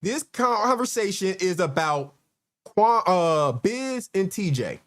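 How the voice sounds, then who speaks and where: A man's voice: high-pitched, sing-song, slow pace, fairly bright tone. A man hosting a livestream, commenting on played clips in a sarcastic, exasperated way. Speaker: host.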